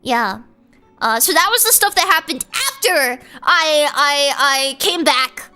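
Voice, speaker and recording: High, bubbly woman storyteller. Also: takes it slowly, soft background music. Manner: animated, giggly, acts out quotes. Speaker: streamer. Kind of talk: casual storytelling.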